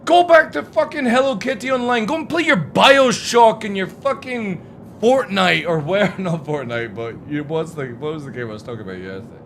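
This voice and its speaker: A young male streamer rants in a bright, edgy voice. His pitch swings widely as he swears. He sounds exasperated and keeps the talk loose. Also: lively intonation, normal speed, a little hiss or hum. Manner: profane, exasperated ranting. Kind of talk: ranting gaming stream talk.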